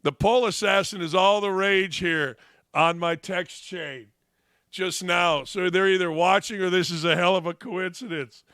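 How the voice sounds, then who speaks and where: A middle-aged man hosting a sports talk show, delivering a mocking monologue with sudden loud shouted bursts. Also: high voice, steady tone, normal speed, clean tone, dry recording, studio quality.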